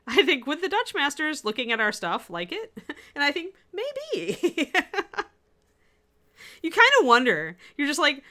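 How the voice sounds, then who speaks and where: Fairly high in pitch with a sharp tone, a woman co-hosts a miniature painting livestream. She reads viewers' comments and answers them in a chatty, meandering way, filled with verbal fillers.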